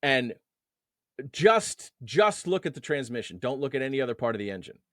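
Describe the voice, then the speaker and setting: A man's voice: mid-range voice, normal speed, dry recording. A man talking as an interview guest in a mid-range voice. He explains his ideas through homely analogies and pushes up on the words he wants to land. The sound is close and dry. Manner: explains through everyday analogies, animated lift on key words. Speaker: guest, men's emotional coach. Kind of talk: conversational interview.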